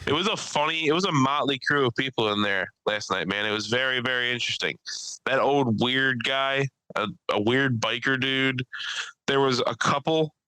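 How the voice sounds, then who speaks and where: A young man, a podcast co-host and stand-up comic, chatting casually and acting out people he met in high voices. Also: normal speed, clear, resonant tone, no room sound, low-quality recording. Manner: animated storyteller who acts out people in high voices. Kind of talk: casual chat.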